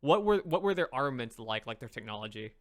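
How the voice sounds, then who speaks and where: A man's voice: mid-range voice, big pitch swings, fast, no echo, clean studio sound. A man playing in a tabletop game, rambling and stringing his questions together with lots of fillers. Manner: rambling, keeps saying "like". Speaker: player. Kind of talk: casual chat at the game table.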